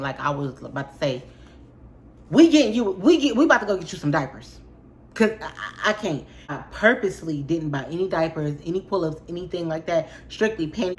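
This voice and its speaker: A woman's voice: low voice, a little hiss or hum. A young woman in her twenties, chatting casually and expressively to her viewers in a storytime vlog, full of slang. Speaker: vlogger. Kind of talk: casual storytime chat to camera.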